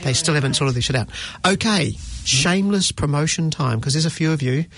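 A middle-aged man hosting a casual radio show, chatty and animated, often exclaiming. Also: medium pitch, quick pace, music in the background. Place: radio studio.

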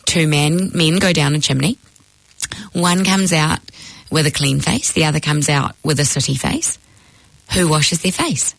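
A woman's voice: low-pitched, unhurried, creaky, fairly bright tone, dry recording, exaggerated voice, low-quality recording. A woman voicing a teasing old-world rabbi. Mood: instructive. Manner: didactic, posing riddles. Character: patient, teasing male rabbi teacher.

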